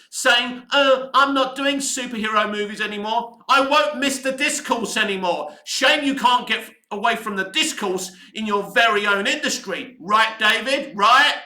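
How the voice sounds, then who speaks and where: A man in a furious, foul-mouthed rant, his voice pitched high and cutting bright. He is getting hoarse, and the room around him rings with echo. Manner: heated, sweary, ranting. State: voice going hoarse. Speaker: online commentary host. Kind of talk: angry opinion rant.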